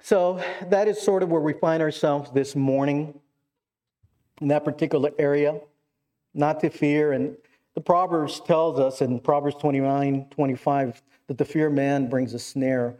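A man's voice: fairly high pitch, fairly even intonation, unhurried, mellow. A man preaching a sermon, earnest, with repeated words and questions to the congregation. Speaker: pastor.

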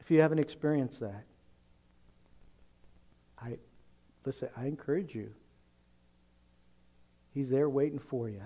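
Speaking a little slowly with long pauses, the pastor has a warm, medium-pitched voice. He preaches conversationally, putting rhetorical questions to the congregation and acting out voices in brief scenes.

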